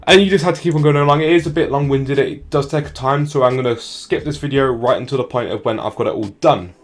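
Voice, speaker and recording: A man talking fast and casually through a software tutorial, often saying "like". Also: mid-range voice. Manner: fast, casual, many "like" fillers. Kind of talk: screen-recorded tutorial walkthrough.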